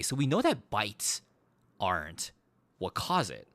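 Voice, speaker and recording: A man giving a casual recap of a game he played, an animated storyteller who swears freely. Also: lowish voice, slow pace, no echo. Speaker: gaming streamer.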